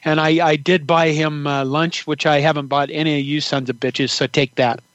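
A man's voice: on the high side, level tone, moderate pace, fairly bright tone, no room sound. A man co-hosting a podcast, chatting casually with dry, teasing humor. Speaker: podcast co-host. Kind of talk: casual chat.

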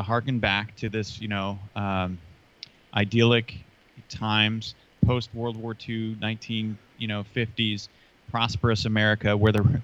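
A man's voice: lowish voice, fairly bright tone. A man in his forties co-hosting a casual discussion, talking with a dry sarcastic edge and many um and you know fillers. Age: 40s. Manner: dryly sarcastic, lots of fillers. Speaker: podcast co-host. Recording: dull lo-fi sound.

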